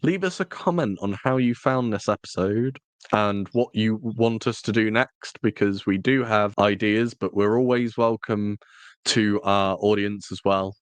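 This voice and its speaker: A man's voice: lowish voice, measured pace, clean tone, dry recording. A man co-hosting a podcast in casual chat, rambling and correcting himself with jokes. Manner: rambling, self-correcting, jokey. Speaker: podcast co-host.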